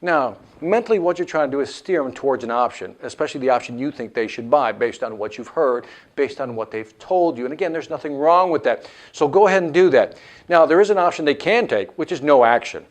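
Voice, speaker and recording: A man teaching a sales lesson in an animated way, acting out what the customer thinks. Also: medium pitch, a little fast. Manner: animated, acts out customer lines. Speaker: sales instructor. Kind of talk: instructional lecture.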